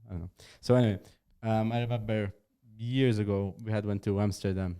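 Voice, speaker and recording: A man hosts a casual podcast and talks in a relaxed, hesitant way, often saying "um" and laughing. His voice is lowish and mellow, with a smooth, clean sound. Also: brisk. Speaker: podcast host.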